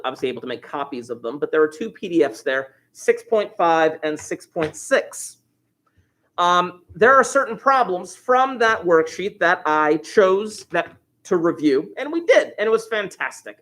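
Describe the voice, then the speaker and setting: Lively, joking male teacher. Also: a little high. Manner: playful, teasing, chuckles often. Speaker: high school algebra teacher. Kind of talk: livestreamed class, joking banter. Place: classroom at his desk.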